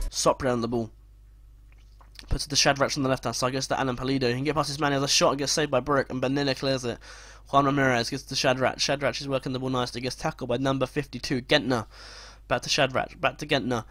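A young man narrating his football management game as play-by-play commentary, breaking into loud, swearing outbursts. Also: mid-range voice, steady tone, quick pace, no echo. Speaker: gaming commentator.

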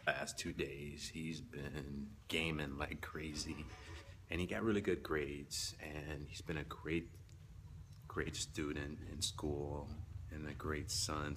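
A man vlogging about his day with an easygoing, slangy manner. His voice sits very low but has a bright, forceful edge. A faint hiss of noise runs underneath. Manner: laid-back and slangy, addresses viewers as family. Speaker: family vlogger, father. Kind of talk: casual vlog talk to camera.

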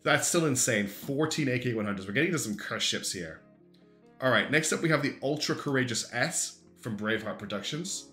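A streamer reviews community game designs in casual livestream commentary, chatting and thinking aloud with plenty of ums and restarts. His mid-range voice is expressive, fairly quick, and sharp-toned. The room echoes, with faint guitar music behind him.

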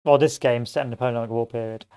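A man's voice: medium pitch, steady tone, rapid-fire, mellow, clear, resonant tone. A man giving casual gameplay commentary, rambling off into history tangents and joking asides. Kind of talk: casual let's-play commentary.

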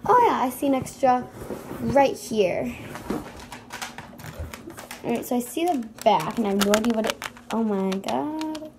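Bubbly, excitable woman vlogger. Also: on the high side, measured pace, long pauses, background noise. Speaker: vlogger and skit host. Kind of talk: casual kids' vlog skit.

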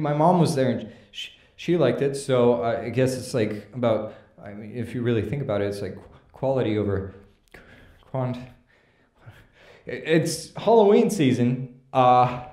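A man acts out a sheepish young slam poet who mumbles and restarts his sentences constantly. The voice is slow and halting. The room adds a noticeable echo. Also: mid-range voice, warm tone, natural voice. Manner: mumbling, hesitant, full of fillers and restarts. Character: nervous awkward young male slam poet. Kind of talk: comic character monologue.

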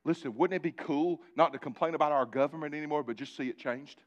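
A man preaching a live sermon in church, animated and joking with his congregation, calling on them directly. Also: fairly high pitch, fast, highs cut off. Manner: animated, talks directly to the congregation with asides and jokes. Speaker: pastor. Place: church sanctuary before a congregation.

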